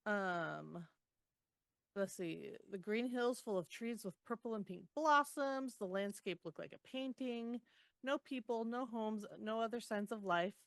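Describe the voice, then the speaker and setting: A woman's voice: mid-range voice, a little slow, vocal fry, no room sound. A woman co-hosting a podcast, chatting casually about a novel, laughing often and filling with ums as she recaps. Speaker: podcast co-host. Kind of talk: casual book discussion.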